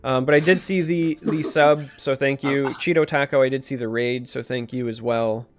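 A man's voice: mid-range voice, fairly even intonation, moderate pace. A man hosting a live-streamed podcast, talking casually about strategy and thanking chat, thinking aloud with many restarts.

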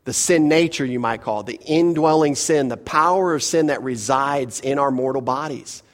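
A pastor preaching an expository sermon to his congregation, emphatic and full of rhetorical questions, often dropping to a softer voice. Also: mid-range voice, normal speed. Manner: emphatic, rhetorical questions, drops to soft asides.

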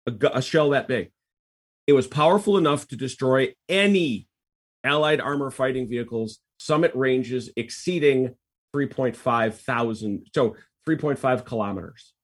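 A man with a husky, slightly rough voice co-hosts a casual chat. He reads historical figures aloud and then drifts into chatty asides and restarts. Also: medium pitch, moderate pace. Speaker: podcast co-host.

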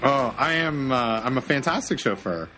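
A man co-hosting a podcast in casual chat, joking and halting with many restarts. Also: mid-range voice, animated, over music. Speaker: podcast co-host.

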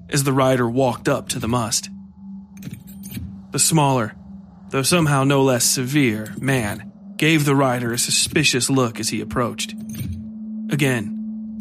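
A man reading a horror story aloud as its storyteller, in a measured, steady way. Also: medium pitch, background noise. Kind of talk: scripted horror narration.

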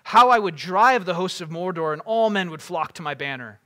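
A man reading aloud as a proud, desperate male warrior who craves power, in a loud, insistent voice that rises to shouts. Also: high voice, lively intonation, normal speed.

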